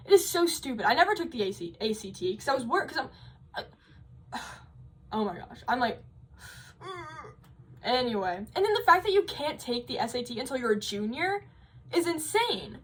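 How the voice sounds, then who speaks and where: A woman's voice: high-pitched, big pitch swings, brisk, husky, rough recording. A young woman vlogging about college, telling stories in a rambling, emphatic way with lots of fillers. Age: young adult. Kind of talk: casual vlog chat.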